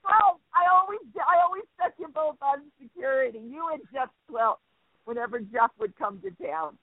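Guy hosting talk radio, high pitched, acts out the quotes, sounds like a phone line. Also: moderate pace, vocal fry, no echo. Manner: animated storyteller acting out quotes. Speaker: radio show host. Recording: dry tinny phone-like line.

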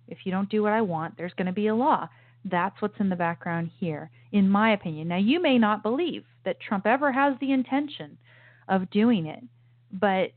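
A woman's voice: medium pitch, no room sound. Opinionated woman host on a tinny line. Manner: opinionated, emphatic, many restarts and asides. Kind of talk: political commentary show. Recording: tinny phone-like sound, dry.

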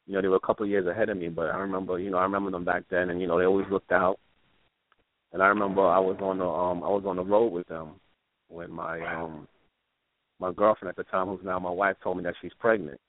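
A middle-aged man calling in to a radio show, telling memories in a relaxed, "you know"-filled way. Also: sits low, fast talker, no echo. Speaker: caller. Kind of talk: casual phone-in remembrance. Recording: tinny dry phone line.

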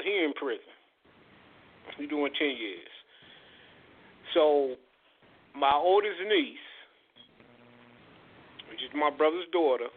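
A man hosting a radio show, his voice lively and swinging up and down as he rants through a profane story. He sits a little high for a man. The sound is thin and phone-like. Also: creaky. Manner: animated, profane, heated storytelling. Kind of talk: casual storytelling chat. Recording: tinny phone-like radio audio.

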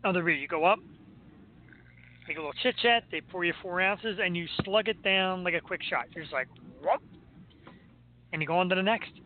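A man with a high voice hosts a casual radio chat, spinning jokey stories and laughing between them. The sound is narrow and tinny, like a phone line. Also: quick pace, a little hiss or hum. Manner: storytelling, jokey, laughs often. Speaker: radio show host.

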